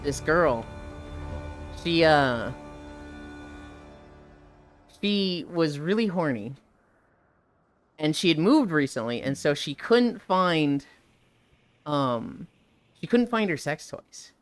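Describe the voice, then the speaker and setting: A woman streamer chatting casually to her live audience, telling crude stories in an animated way and reading chat messages aloud. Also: sits low, slow, pauses often, no room sound, soft background music.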